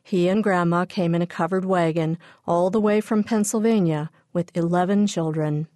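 A steady father in a children's storybook, speaking calmly and gently to soothe his daughters, as a woman narrator reads him. The voice sits fairly low and the sound is dry. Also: moderate pace, no room sound, lightly acted. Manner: calm, gentle, reassuring. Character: calm, reassuring father, steady.

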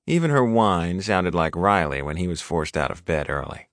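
A man reading a romance audiobook in an even, measured narration, close to a studio mic. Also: sits low, dry recording. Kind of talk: scripted narration.

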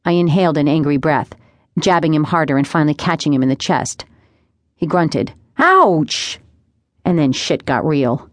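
A young woman reading a first-person audiobook in a measured, wry storytelling manner. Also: low-pitched, steady tone, a little mellow, no echo. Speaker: audiobook narrator. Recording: dry close studio sound.

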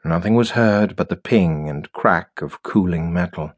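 A man reading a science fiction audiobook in a measured, steady storytelling manner. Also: sits low. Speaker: audiobook narrator. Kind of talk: scripted narration.

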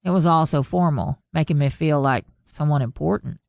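A woman narrating a first-person contemporary romance audiobook in a measured storytelling manner. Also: low voice, vocal fry, a little mellow, no echo, studio quality.

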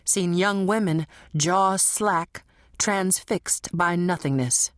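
A woman reads fiction aloud with measured, dramatic delivery. Her voice sits low and moves slowly. The recording is close and dry. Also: no echo. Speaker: audiobook narrator. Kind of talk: scripted narration.

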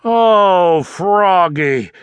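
A man's voice: high voice, lively intonation, extremely slow, fairly bright tone, clear, resonant tone, dry recording, full character voice. A man voicing a frog father, hearty and patient but worn down, in a storybook reading. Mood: groaning.

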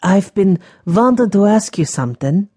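A woman's voice: medium pitch, animated, moderate pace, dark tone, slightly rough. A woman narrator voicing an eager young farm man, breathless from running.

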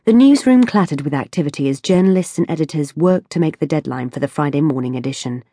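Audiobook narrator: low-voiced, husky woman, measured read, dry close mic. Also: warm tone, no echo. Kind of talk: scripted narration.

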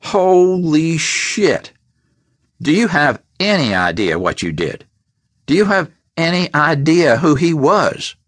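A brash, blustering crime boss with a loud, lively voice that swings up and down, as a male narrator plays him. It is a close, dry audiobook recording. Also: fairly low pitch, moderate pace, hardly any pauses, slightly rough, dry recording, heavily acted. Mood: alarmed.

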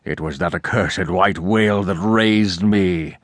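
A man voicing an obsessed old sea captain who rants and shouts in an audiobook. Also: deep voice, a little slow, no room sound, clean studio sound, voice pushed down. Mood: raging. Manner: ranting, shouting, wildly swinging.

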